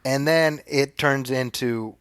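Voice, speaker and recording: A man's voice: mid-range voice, a bit bright, clean tone, no room sound. A man co-hosting a podcast, casually discussing a movie, agreeing readily and laughing at the darker jokes. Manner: chatty, agreeable, quick laughs. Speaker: podcast co-host.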